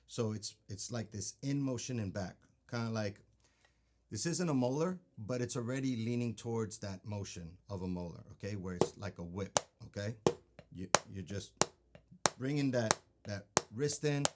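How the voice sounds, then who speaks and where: A man with a fairly low voice teaches a drum lesson, explaining each motion patiently and counting beats aloud. Loud drumming and stick clicks ring out behind his speech. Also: background noise. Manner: patient, repeats "okay?" to check understanding. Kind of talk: instructional demonstration.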